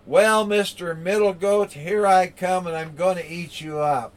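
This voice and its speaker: Guy doing a big loud greedy troll, slow and booming, a bit high. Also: steady tone. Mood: menacing. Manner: loud, slow, drawn-out threats. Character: greedy bellowing male bridge troll, storybook.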